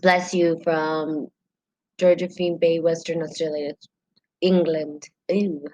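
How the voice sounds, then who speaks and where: A woman's voice: sits low, little pitch movement, slow pace, mellow, lo-fi sound. A woman from New Mexico with a New Mexican accent, hosting a casual spiritual live stream, reading from a book and greeting viewers mid-sentence with lots of ums.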